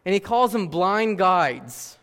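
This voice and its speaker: Male pastor, high voice, casual preaching, reverb from a large hall. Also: sing-song, slow pace, a bit bright. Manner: conversational preaching with casual fillers and rhetorical questions. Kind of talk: sermon.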